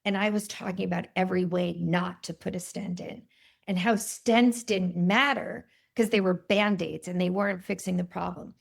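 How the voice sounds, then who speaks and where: A woman in her fifties, a cardiologist guest, telling stories in an interview in a vivid, animated way. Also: on the low side, normal speed, gravelly. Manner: animated, vivid storytelling with quoted voices. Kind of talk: storytelling in a podcast interview.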